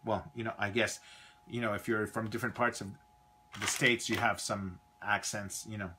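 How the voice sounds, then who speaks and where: A man's voice: fairly low pitch, little pitch movement, moderate pace, noisy background. A Canadian man hosting a live toy review stream, chatting casually and rambling, often trailing off mid-thought.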